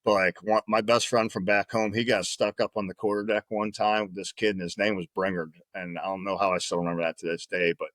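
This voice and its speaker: A man's voice: on the low side, steady tone, quick pace, hardly any pauses, fairly bright tone, dry recording. A man, a former Marine guest on a podcast, telling stories in a casual, profane, rambling way, often tagging his lines with "right?". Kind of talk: casual storytelling in conversation.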